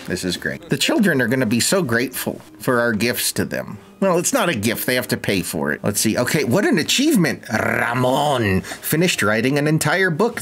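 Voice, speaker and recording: A man's voice: medium pitch, fairly bright tone. A young man streaming a life-sim game, with casual, sarcastic, jokey commentary and frequent swearing.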